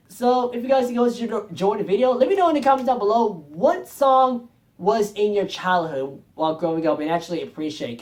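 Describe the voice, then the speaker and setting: A man talking casually on his video channel, rambling, correcting himself often and chuckling as he goes. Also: a little high. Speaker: music video vlogger.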